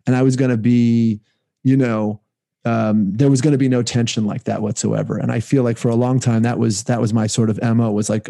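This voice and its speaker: A man's voice: mid-range voice, flat delivery, moderate pace, vocal fry, mellow. A man co-hosting a casual podcast, telling rambling, self-reflective stories. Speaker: podcast co-host. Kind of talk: casual chat.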